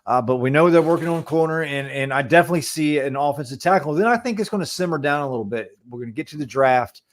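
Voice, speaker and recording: A man co-hosting a sports podcast, speaking in a relaxed, halting way with many fillers. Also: a little high. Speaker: podcast co-host. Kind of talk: casual sports podcast chat.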